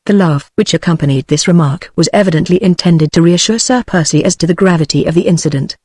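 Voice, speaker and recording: A woman's voice: lowish voice, quick pace, husky, dry recording. Synthetic British female narrator, dry close sound, evenly paced audiobook reading, no character voices. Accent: British English. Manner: even, unacted reading of all characters.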